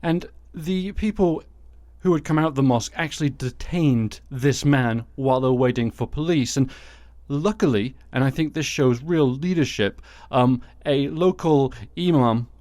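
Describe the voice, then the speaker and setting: A man's voice: medium pitch, moderate pace, darkish tone, no room sound. A man hosting a satirical news podcast, commenting with sarcastic, dry asides. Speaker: podcast host.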